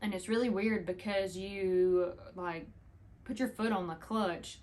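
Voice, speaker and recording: A woman's voice: mid-range voice, fairly even intonation, measured pace, a little mellow. A woman, chatting casually to the camera, rambling through a story with laughs. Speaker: vlogger.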